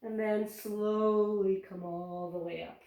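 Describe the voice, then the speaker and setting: A woman's voice: mid-range voice, fairly even intonation, takes it slowly, dark tone. A woman teaching a cheerful yoga class for young children, giving encouraging step-by-step instructions. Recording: echoey room, voice from a distance.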